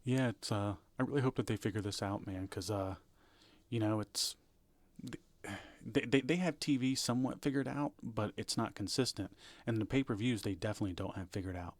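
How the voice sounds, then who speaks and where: Male podcast co-host, low voice, casual rambling delivery, dry close mic. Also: fairly quick, dry recording. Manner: rambling, frequent restarts and fillers. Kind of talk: casual chat.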